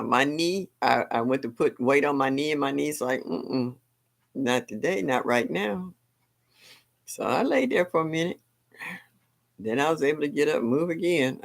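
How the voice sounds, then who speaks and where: A woman's voice: low voice, gravelly. Older woman, live-stream host, folksy, exclamatory, laughs a lot. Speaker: livestream host. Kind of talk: casual live-stream chat.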